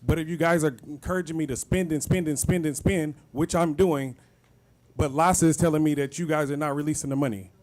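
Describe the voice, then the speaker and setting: A man speaks at a hearing with a fairly high voice, making an impassioned, begging plea. His delivery is raw and insistent. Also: steady tone, fairly quick, darkish tone. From Kansas City, Missouri. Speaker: nonprofit founder. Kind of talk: public comment at a hearing.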